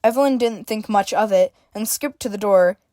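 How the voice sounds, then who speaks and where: A woman narrating a homemade story in an even, mid-pitched voice. The sound is dry and close, with no room around it. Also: moderate pace, no room sound. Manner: reads dialogue with shifting emphasis, stammers for a frightened character.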